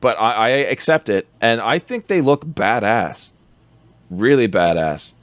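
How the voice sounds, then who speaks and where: A man's voice: mid-range voice, very animated, unhurried, no echo. A man co-hosting a podcast, rambling through a film recap in casual chat, laughing often.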